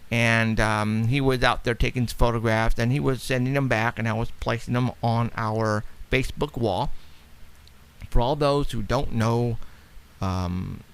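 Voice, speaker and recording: A man's voice: mid-range voice, fairly even intonation, a little slow, a little hiss or hum. A man hosting a radio talk show, chatting in a rambling, casual way. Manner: rambling, chatty, laughs often.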